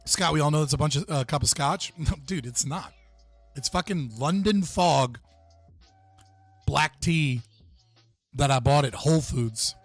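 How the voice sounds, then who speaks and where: Young male streamer chatting loosely to viewers, a bit high-pitched, dry mic, light music underneath. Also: a little slow, pauses often, no echo. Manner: casual, profane, chatting with his viewers. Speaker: livestream host. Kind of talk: casual livestream chat.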